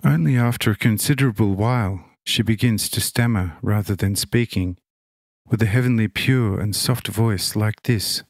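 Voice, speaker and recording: A man reading a religious text as an audiobook narrator, solemn and measured. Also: fairly low pitch, no room sound.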